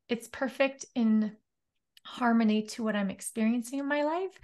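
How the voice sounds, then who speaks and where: Heartfelt higher-voiced woman host. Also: a little mellow. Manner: heartfelt, reflective, laughs often. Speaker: interview host. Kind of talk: casual interview chat.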